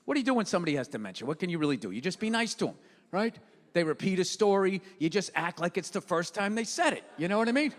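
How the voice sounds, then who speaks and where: Male stand-up comic, profane rant, high loud voice, long hall reverb, roaring crowd. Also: big pitch swings, fast talker. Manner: profane ranting, loud outbursts. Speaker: stand-up comedian. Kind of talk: stand-up comedy. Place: comedy venue stage. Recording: live show in a large hall with audience.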